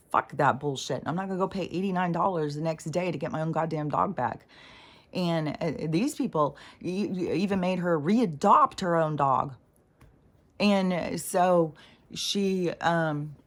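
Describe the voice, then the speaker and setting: A woman talking straight to camera in a rambling, indignant rant, swearing heavily as she tells a story. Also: deep voice. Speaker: spiritual vlogger. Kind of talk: casual ranting monologue.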